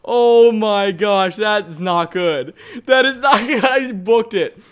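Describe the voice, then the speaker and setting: A young man hosting a modded game let's-play, excitable, yelping and laughing when startled. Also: high-pitched, unhurried, clear, resonant tone. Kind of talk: excitable gameplay commentary.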